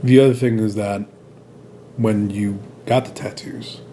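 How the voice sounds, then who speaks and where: A man's voice: on the low side, fairly even intonation, a little slow, warm tone, a little hiss or hum. A man hosting a podcast, chatting casually, blunt and supportive, cursing freely. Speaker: podcast host. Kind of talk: casual conversation.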